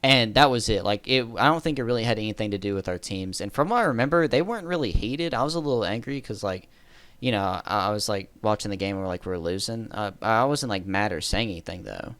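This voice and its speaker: Give me a man casually telling a story, rambling and self-correcting, in a smooth, clear voice. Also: on the low side, lively intonation, quick pace, fairly bright tone, no echo. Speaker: storyteller vlogger.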